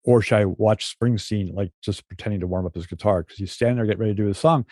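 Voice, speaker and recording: Middle-aged man, comedy writer, lively storytelling, dry close sound. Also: on the low side, quick pace, dry recording. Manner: animated storyteller who acts out quotes. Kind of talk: casual podcast storytelling.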